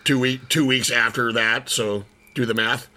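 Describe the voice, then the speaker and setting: A man's voice: medium pitch, steady tone, sharp tone, a little hiss or hum. A man co-hosting a podcast, riffing and joking in casual profane banter. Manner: joking, riffing with quick asides. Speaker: podcast co-host.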